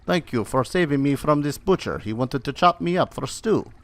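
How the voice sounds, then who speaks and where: A man's voice: mid-range voice, expressive, normal speed, lightly acted. A man reading the lines of a proud captive barbarian warrior woman in a formal, solemn tone with a put-on accent. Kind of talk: reading game dialogue aloud.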